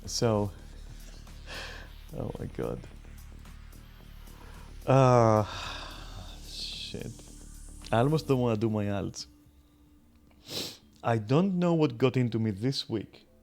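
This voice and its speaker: A man's voice: on the low side, unhurried, dark tone. A man casually narrating his video game play to viewers, joking crudely and swearing often. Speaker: streamer. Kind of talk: casual gaming commentary. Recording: faint game music behind. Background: game music.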